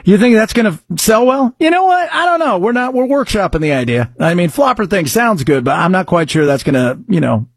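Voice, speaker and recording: A man's voice: high voice, very animated, brisk, few pauses, husky, no room sound. A man hosting a radio talk show, chatting casually and jokingly about sports and news. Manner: chatty, rambling, jokey.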